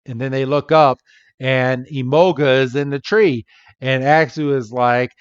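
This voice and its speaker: This mid-range male voice comes through lo-fi audio with no room sound. As a podcast co-host, he chattily retells a cartoon episode with animation, briefly mimicking the characters along the way.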